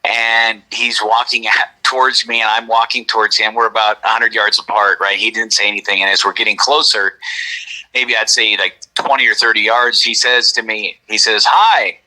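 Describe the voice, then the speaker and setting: Middle-aged guy rambling through a story, low-ish but really bright voice, keeps correcting himself. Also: little pitch movement, normal speed, low-quality recording. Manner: rambling, self-correcting, frequent "right?" asides. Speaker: interview guest recounting an encounter. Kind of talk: casual storytelling.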